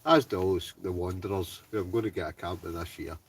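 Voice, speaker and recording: A man's voice: low-pitched, fast talker, slightly rough, recorded from a distance. A man with a Scottish accent from Ayrshire, casually chatting and laughing as he reads out viewer names on a livestream from his heated tent. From Scotland. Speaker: wild camping livestreamer reading chat. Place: inside a heated tent in the snow.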